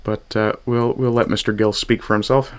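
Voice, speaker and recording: A man from Newfoundland talks over video clips in a mocking, profane commentary. His voice sits a little low, and his tone stays sarcastic and dismissive throughout. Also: flat delivery, moderate pace, clean tone. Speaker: commentary streamer.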